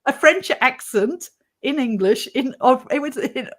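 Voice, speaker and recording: A woman's voice: sits high, animated, a little slow, fairly bright tone. A woman hosting a paranormal channel's livestream, chatting casually, often laughing and telling stories with animation.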